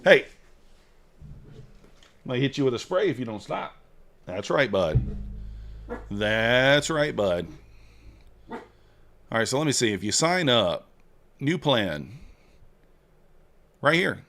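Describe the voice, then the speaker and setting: A man hosting a casual trading livestream, chatting with viewers and reading their messages in a relaxed way. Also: mid-range voice, a little slow, long pauses, a little hiss or hum.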